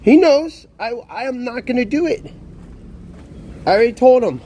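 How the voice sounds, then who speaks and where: A man's voice: extremely high pitch, lively intonation, normal speed, warm tone. A young man live streaming outdoors, ranting in a profane, exasperated, repetitive way. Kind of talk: casual live stream talk.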